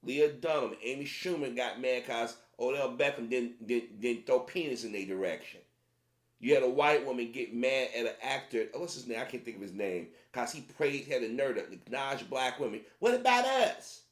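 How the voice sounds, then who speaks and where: Male vlogger, casual rant, emphatic and repetitive, mid-pitched voice, roomy echo. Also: normal speed. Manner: emphatic, repetitive, conversational, with many restarts. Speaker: commentary vlogger.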